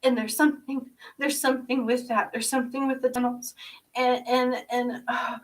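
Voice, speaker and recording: A woman with a fairly high voice channels a spiritual vision, crying and short of breath. She halts, repeats her words and laughs through her tears. Her voice sounds a little distant from the microphone. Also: level tone, moderate pace. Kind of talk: emotional channeling session.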